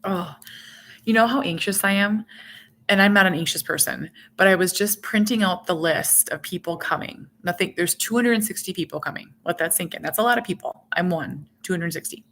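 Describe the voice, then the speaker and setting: A woman's voice: lowish voice, brisk, fairly bright tone. A middle-aged woman hosting a casual live stream, rambling chattily and reading out viewer comments as she goes.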